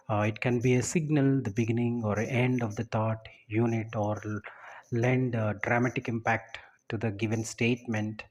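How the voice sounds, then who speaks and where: A man's voice: medium pitch, darkish tone. A man giving an explanatory lecture, often ending points with a checking "right?".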